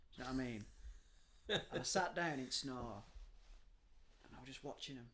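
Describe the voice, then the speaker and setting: A man, hosting a casual comedic chat, telling stories with swings between hushed and loud delivery and frequent swearing. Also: medium pitch, fairly quick. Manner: animated storytelling, swears freely, laughs often, drops to a hushed tone. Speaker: podcast host.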